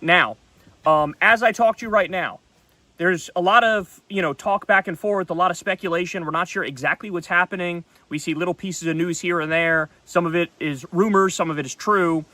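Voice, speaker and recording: A man's voice: a little high, bright, forceful tone, dry recording. A man hosting a solo political commentary show, talking in a blunt, heated, profane way. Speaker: political talk show host.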